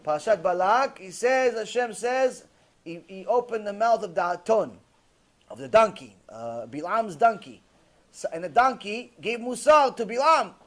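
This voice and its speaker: A man with a high voice gives a lecture as a rabbi. He tells his story with animated energy and mixes Hebrew terms into his English. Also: normal speed.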